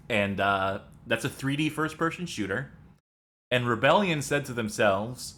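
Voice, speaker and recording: A man's voice: mid-range voice, animated, normal speed, long pauses, a bit bright. A young man hosting a let's-play show, rambling enthusiastically and poking fun at himself. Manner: rambling, enthusiastic, self-deprecating. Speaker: game show co-host.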